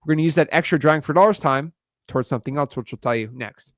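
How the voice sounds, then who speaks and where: A man coaching viewers in an energetic video lesson, fast, slangy and emphatic, repeating words for punch. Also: on the high side, no room sound, clean studio sound. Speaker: real estate wholesaling coach.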